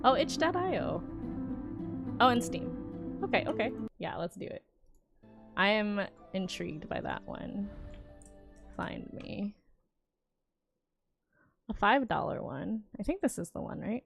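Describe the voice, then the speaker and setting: A woman's voice: medium pitch, lively intonation, unhurried, vocal fry, pauses often, faint music behind. A young adult woman streamer gives a casual, enthusiastic reaction to a games showcase and muses aloud as she goes.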